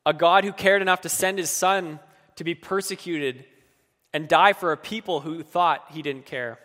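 A man delivers a sermon with a fairly high, bright voice and an earnest, personal tone. His words ring out with a long reverb, as in a large hall. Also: moderate pace. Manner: earnest, acts out quoted pleas with rising emotion. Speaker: preacher.

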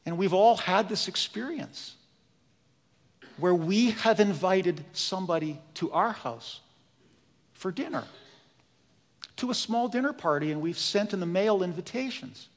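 Slow, earnest male preacher. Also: high-pitched, expressive, in a large hall. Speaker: pastor. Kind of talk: sermon.

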